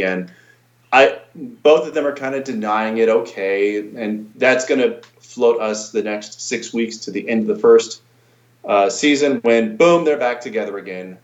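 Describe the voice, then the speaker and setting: A man's voice: on the low side, a little slow. A man co-hosting a casual podcast, rambling and thinking aloud. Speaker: podcast co-host. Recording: roomy, dull home mic.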